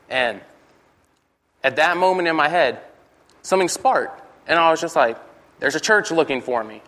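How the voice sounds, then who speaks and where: A man's voice: mid-range voice, a bit bright. A man in his twenties giving a rambling, candid personal testimony, constantly repeating "I was like" and poking fun at himself. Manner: candid and self-mocking.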